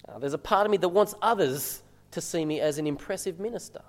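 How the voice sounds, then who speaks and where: A male minister delivers a sermon in a relaxed, conversational way, often asking the congregation rhetorical questions. His voice sits a little high for a man. The sound carries the long reverb of a large church hall. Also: fast talker.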